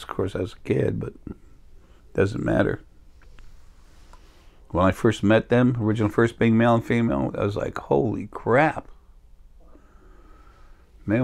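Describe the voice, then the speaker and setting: A man in a rambling, self-interrupting casual monologue as a spiritual healer, recorded on a laptop or phone. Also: lowish voice.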